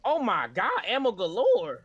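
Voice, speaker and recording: A man in casual gaming chat who teases his teammates with playful, excited exclamations. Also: high-pitched, normal speed, breathy edge, no room sound, lo-fi sound. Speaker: gamer on voice chat.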